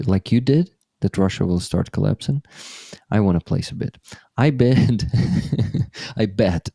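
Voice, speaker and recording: A man speaks as a guest on a chat stream. His voice is somewhat low and noticeably gravelly, and he talks slowly. He stays playful and chuckles between his points. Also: dark tone, no echo, studio quality. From Ukraine. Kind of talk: casual chat.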